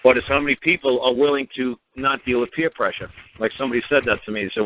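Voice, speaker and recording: A man's voice: medium pitch, fast talker, few pauses, background noise. Talkative man on a tinny phone line. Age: 50s. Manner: rambling, animated retelling with quoted dialogue. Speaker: talk show guest. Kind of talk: casual storytelling monologue.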